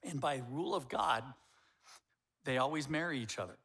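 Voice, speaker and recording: A middle-aged pastor preaches an animated sermon, acting out quoted voices. His voice is mid-range with a breathy edge, at a moderate pace.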